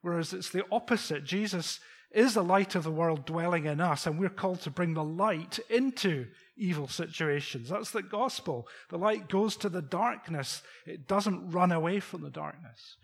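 Male preacher, middle-aged, husky and a touch high, chatty sermon with rhetorical questions. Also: moderate pace. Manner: conversational, rhetorical questions, chuckles.

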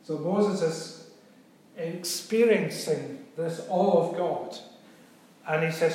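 A man preaching a sermon, talking it through like a teacher and pausing to ask if everyone is with him. His voice sits a little higher than most men's. The recording carries a heavy echo from a big reverberant room. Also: darkish tone. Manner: conversational teaching, checks in with "okay?". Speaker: pastor. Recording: very echoey room.

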